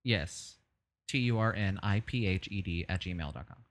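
A man's voice: sits low, moderate pace. A man co-hosting a live show, chatting casually with a crude, joking, rambling manner full of ums. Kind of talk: casual banter.

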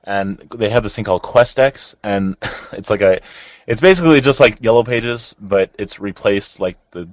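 A man's voice: on the low side, moderate pace, dry recording. A young adult man co-hosting a casual podcast chat, crude and joking and laughing often. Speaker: podcast co-host.

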